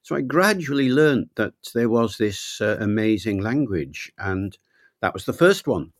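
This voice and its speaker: An older man from Wales speaks as an interview guest in a reflective, anecdotal way. His voice sits low, and the recording is dry with no room sound. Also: animated, unhurried, dry recording. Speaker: guest linguist. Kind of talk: relaxed interview storytelling.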